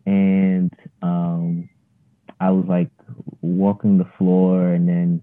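A man's voice: low voice, monotone, slow. A man in his thirties telling a story as an interview guest, laid-back and rambling with lots of fillers. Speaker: guest, yoga practitioner. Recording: phone-like narrow line.

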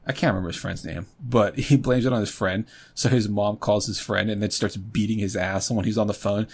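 A man's voice: on the low side, fairly even intonation, a little fast, slightly rough. A man co-hosting a podcast in casual chat, telling rambling stories full of fillers. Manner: rambling storyteller, heavy on fillers. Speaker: podcast co-host.

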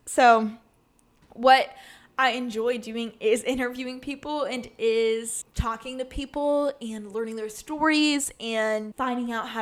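This is a casual solo podcast hosted by an American woman in her twenties. Her fairly bright voice sits on the high side, and she talks earnestly and chattily, full of "like" and restarts.

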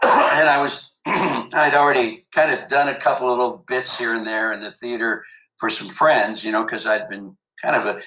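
A man's voice: medium pitch, steady tone, moderate pace, bright, forceful tone, reverberant, rough recording. An older man recalling his past in an interview, reflective and emotional, with many fillers. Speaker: interview guest. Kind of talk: storytelling interview.

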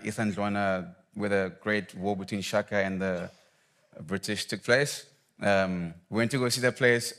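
A man's voice: medium pitch, fairly bright tone. A young man preaching in a casual, conversational way, reading scripture, praying and telling a personal story with slang and fillers.

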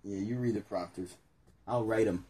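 A man's voice: fairly low pitch, steady tone, normal speed, mellow. A man co-hosting a casual chat, reading a children's book aloud into a phone camera and joking about his own mistakes. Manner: jokey, rambling, laughs at himself. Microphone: phone front camera.

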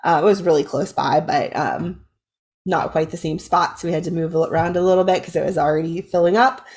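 A woman co-hosting a casual sports podcast, animated and full of "like" fillers, her voice a bit raspy from recent illness. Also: sits low, brisk. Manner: animated fan, many "like" fillers. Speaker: podcast co-host. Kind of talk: casual chat.

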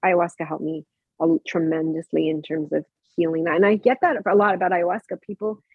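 A brisk, lowish voice with a breathy edge and fairly even intonation belongs to a guest recounting her personal spiritual practices. Of Mexican heritage and living in Canada, she tells her stories casually, with plenty of fillers and restarts. The dry recording sounds tinny and phone-like.

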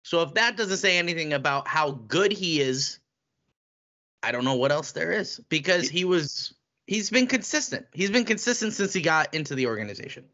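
A man's voice: a little high, lively intonation, moderate pace, sharp tone, muffled recording. A man co-hosting a podcast, chatting casually about sports with playful, teasing banter. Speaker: podcast co-host.

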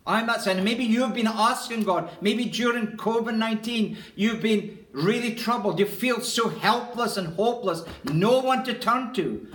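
A male pastor with a high-pitched, fairly bright voice preaches unhurriedly in a church, the room's echo carrying his words. Earnest and emphatic, he repeats key phrases to give them weight.

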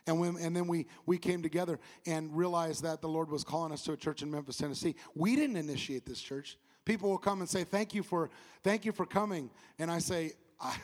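Southern pastor, high-pitched man, animated sermon delivery with call-and-response and self-deprecating laughs. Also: in a large hall.

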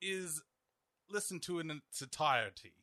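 Man, host, sarcastic, very bright sharp higher voice. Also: lively intonation, normal speed, no echo. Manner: dry sarcastic quips. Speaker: podcast host. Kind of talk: casual chat.

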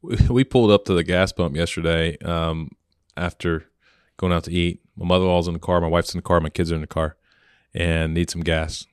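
A man with a somewhat low voice tells a story in a relaxed, chatty way, acting out the lines of the people in it. He co-hosts a podcast. The sound is dry and close to the mic. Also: fairly quick, smooth, no room sound. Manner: relaxed, anecdotal, acts out quotes. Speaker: podcast co-host. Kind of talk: casual storytelling.

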